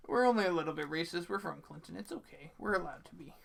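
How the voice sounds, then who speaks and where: A man's voice: fairly high pitch, animated, quick pace, vocal fry, crowd noise. A man co-hosting a casual podcast, chatty and hesitant, swearing now and then. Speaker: podcast co-host. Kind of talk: casual chat.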